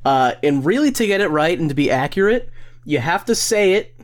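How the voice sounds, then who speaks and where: A man's voice: on the high side, very animated, fairly quick. A young man co-hosting a comedy podcast, trading dry, sarcastic quips. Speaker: podcast co-host. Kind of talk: casual comedic podcast chat.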